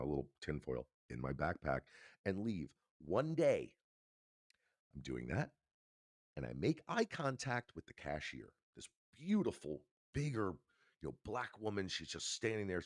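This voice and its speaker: A man's voice: sits low, no room sound, studio quality. A man co-hosting a podcast, telling a personal story in a casual, emphatic way and swearing now and then. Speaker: podcast co-host.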